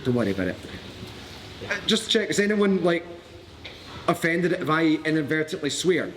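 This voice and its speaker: A Glasgow man with a broad Glaswegian Scottish accent teaches a live martial arts class on a training mat, jokey, cheeky and swearing freely as students surround him. His voice is a little high and sing-song at normal speed. The sound is big-room, with a noisy background.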